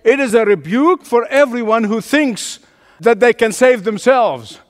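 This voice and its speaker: Man, pastor, high voice, emphatic repetitive preaching, long hall reverb. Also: animated, measured pace. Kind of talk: sermon.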